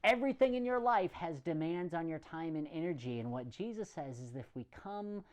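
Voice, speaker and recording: A man preaching a conversational sermon in a relaxed, plain-spoken way, with some self-deprecating humor. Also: fairly high pitch, brisk, muffled recording.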